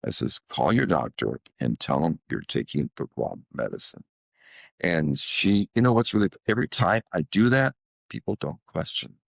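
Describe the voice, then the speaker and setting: A man's voice: low voice, animated, normal speed, vocal fry, no room sound. A man in his seventies, a guest in an interview, telling stories in a rambling, casual way with many restarts and quoted dialogue. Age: 70s. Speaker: guest, author and motivational speaker.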